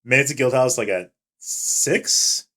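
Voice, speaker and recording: A young co-host of a casual podcast, he speaks a little slowly in a medium-pitched voice. He chats and storytells with plenty of swearing, bringing others' words to life in quoted voices.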